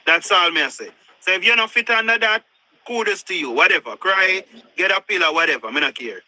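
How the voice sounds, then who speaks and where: A man's voice: high-pitched, lively intonation, a little fast, pushed and bright, low-quality recording. A Jamaican man arguing in a casual online group chat, insistent and repeating himself in heavy patois. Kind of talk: heated casual debate.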